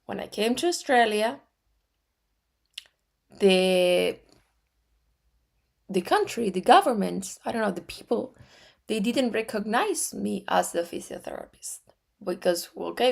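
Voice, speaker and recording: A woman in her forties with an Argentine Spanish accent, teaching metaphysics in a slow, deliberate way with frequent restarts. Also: medium pitch, animated, vocal fry, a little mellow. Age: 40s. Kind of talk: spiritual teaching talk.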